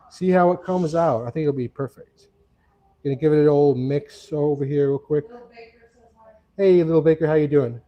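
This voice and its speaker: A man's voice: fairly high pitch, dark tone, lo-fi sound. A man hosting a casual cooking livestream from his home kitchen, chatting to viewers in a rambling, friendly way.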